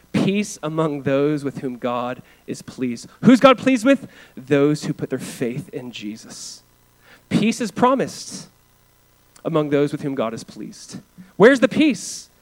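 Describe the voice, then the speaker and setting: A pastor delivering a sermon, moving from hushed, earnest lines to loud emphatic ones, with casual asides and fillers. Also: male voice, high voice, sing-song, a little slow, rough recording.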